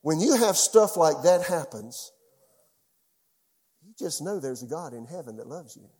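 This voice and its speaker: High-voiced pastor preaching a story. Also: male voice, unhurried, slightly rough, long reverb tail. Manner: storytelling, animated with sudden drops to quiet. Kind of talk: sermon. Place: church.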